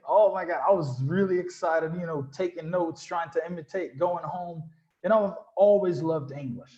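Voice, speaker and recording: A man, a panelist telling a story in a lively, slangy way and acting out the quotes. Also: a little high, normal speed, lo-fi sound. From Brazil. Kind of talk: animated storytelling in a panel discussion.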